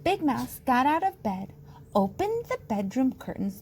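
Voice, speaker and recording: Teacher lady reading a kids book, slow and bouncy, faint room hum. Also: on the high side, creaky, poor audio. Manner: slow, expressive storytelling. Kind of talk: reading a picture book aloud.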